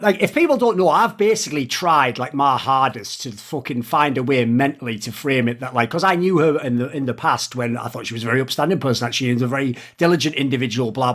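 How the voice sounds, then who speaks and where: A man hosting a talk video, ranting fast with profanity and sarcasm, often mocking others in put-on voices. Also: medium pitch, fairly bright tone. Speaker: esports commentator and video host. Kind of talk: animated ranting commentary.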